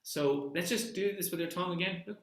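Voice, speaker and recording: A man's voice: sits high, fast, reverberant. A man teaching an online singing lesson, coaching vowels and rhythm with sung examples.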